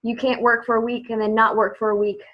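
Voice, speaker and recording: A woman's voice: on the high side, flat delivery, fast talker, lo-fi sound. A woman giving a casual motivational talk to her sales team on a live video, chatty and upbeat, saying "like" a lot. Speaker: direct sales team leader.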